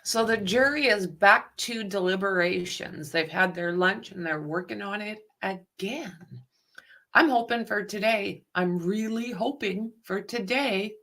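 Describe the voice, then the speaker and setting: A woman hosting a livestream, making soft, hushed asides to her viewers. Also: medium pitch, unhurried. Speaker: livestream host. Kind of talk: casual stream commentary.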